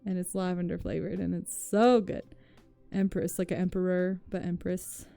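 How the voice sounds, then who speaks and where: A woman's voice: on the low side, little pitch movement, moderate pace, creaky, warm tone, clean tone, soft background music. A woman streamer chatting casually with her viewers, telling rambling stories full of "like", swearing and frequent laughter.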